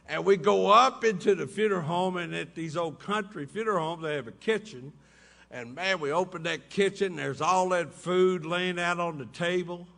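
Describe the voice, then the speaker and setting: A man's voice: a little high, creaky, a bit bright. A man telling folksy, humorous stories to a meeting in a hotel ballroom, laughing along with his own jokes. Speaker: recovery meeting speaker. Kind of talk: humorous storytelling talk.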